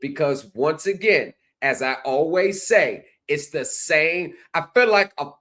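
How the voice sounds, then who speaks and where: Slow, deliberate male commentator. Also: a little high, animated, fairly bright tone. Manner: lecturing, repetitive rhetorical phrasing. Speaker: streaming commentary host. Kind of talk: livestream commentary.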